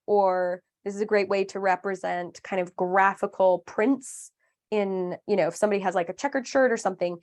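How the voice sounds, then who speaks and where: A woman's voice: medium pitch, steady tone, brisk, darkish tone. A woman in her thirties leads a live online craft lesson, chatty and upbeat. She explains each step with playful asides and a friendly, conversational pace. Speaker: craft class instructor.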